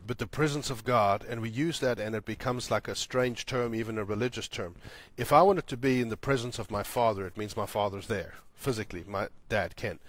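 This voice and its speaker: A man preaching a sermon as pastor, repeating lines for emphasis, building loud and high, then dropping soft and low. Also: fairly quick, few pauses. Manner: swells louder and higher when building to a point, then drops soft and low.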